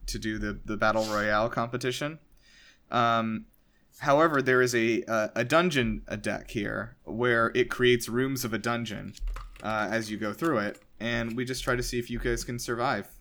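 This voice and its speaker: A man's voice: mid-range voice, pushed and bright. A young man hosting a casual podcast chat, rambling with many fillers and jokes. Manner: rambling, filler-heavy, joking. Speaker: podcast host.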